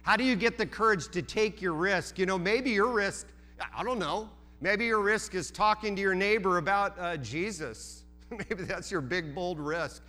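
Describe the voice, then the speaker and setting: A man's voice: high-pitched, normal speed, sharp tone, faint music behind. A man preaching a sermon as pastor, earnest, with frequent restarts and repeated words.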